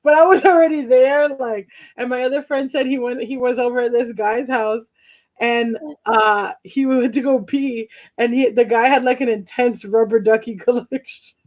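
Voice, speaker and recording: A young woman performing a stand-up set from home over a video call, rambling, laughing at her own jokes and shouting her punchlines. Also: on the high side, fairly even intonation, normal speed. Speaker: stand-up comedian. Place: home during quarantine.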